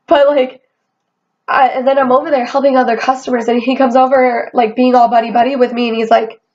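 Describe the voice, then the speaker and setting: A young woman tells a casual storytime rant in a fairly high voice, animated and swearing freely. The recording is dull and lo-fi. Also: fairly quick. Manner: swearing, animated, quotes herself often. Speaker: vlogger. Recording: dull lo-fi sound.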